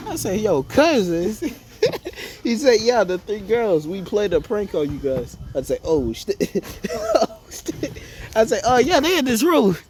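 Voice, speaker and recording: A man's voice: sits high, very animated, measured pace, darkish tone, a little hiss or hum. Rambling joking man telling a story. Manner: rambling, joking, acts out dialogue with stammers. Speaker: storyteller improvising a scenario. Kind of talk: casual improvised storytelling.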